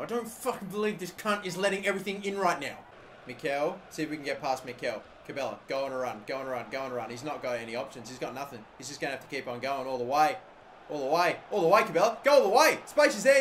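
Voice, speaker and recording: A young man giving live, excitable commentary on a football video game, swearing often and swinging between muttering and shouting. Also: on the high side, a little hiss or hum. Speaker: gaming video host.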